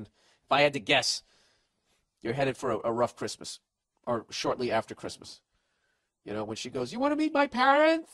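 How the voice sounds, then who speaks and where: A man's voice: mid-range voice, a bit bright, dry recording. A man hosting a podcast, reading listener letters and giving blunt, profane advice in a casual, ranting monologue.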